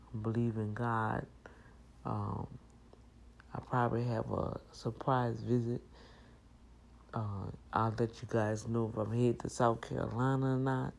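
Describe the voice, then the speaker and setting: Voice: medium pitch, gravelly, low-quality recording. A middle-aged host talking in a casual monologue, emphatic and preachy, repeating key phrases.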